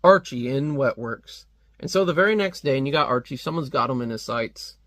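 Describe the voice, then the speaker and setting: A man talking through a comic in casual, offhand commentary, wandering between thoughts and leaning on plenty of fillers. His voice sits at an ordinary middle pitch. The recording is dry and close, with no reverb. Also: fairly quick, fairly bright tone. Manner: rambling, offhand, with frequent fillers. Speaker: comic reviewer.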